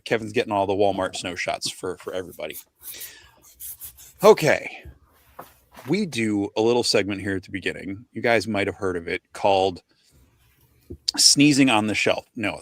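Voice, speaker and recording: A man's voice: on the low side, dry recording, studio quality. A man in his forties hosting a casual livestream chat, rambling and self-deprecating, tripping over names as he reads them out. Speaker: podcast host.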